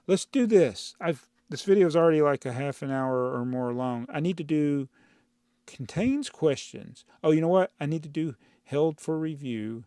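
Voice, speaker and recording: A channel host answers viewer comments in a casual chat, rambling and exasperated and often breaking into laughter. His voice is on the high side, warm and lively, at normal speed with no echo, recorded in a home studio on a clip-on mic inside a brick-built housing.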